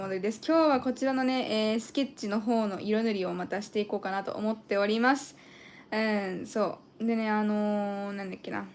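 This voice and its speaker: A woman's voice: medium pitch, slight background noise. A young woman hosting a casual live stream while she draws, chatting and thinking aloud and switching between languages. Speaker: live-stream artist host.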